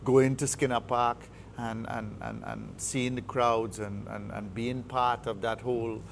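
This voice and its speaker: Gravelly Trinidadian football coach. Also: male voice, mid-range voice, steady tone, unhurried, a little hiss or hum. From Trinidad and Tobago. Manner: emphatic, repeats words heavily while building a point. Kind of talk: studio interview.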